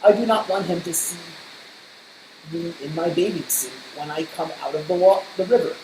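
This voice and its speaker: A woman reading a storybook aloud, voicing a fussy, high-strung male toad who whines and wails in a squeaky voice. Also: normal speed, close to an everyday voice. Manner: squeaky, wailing and complaining. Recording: roomy echo, faint hiss.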